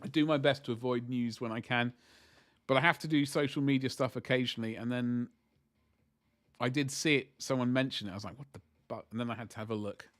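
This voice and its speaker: A man talking to his livestream audience while he works on miniatures. His voice is bright and his chat rambles along with joking asides and self-corrections. It sounds like an easygoing hobby stream. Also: mid-range voice, steady tone, brisk.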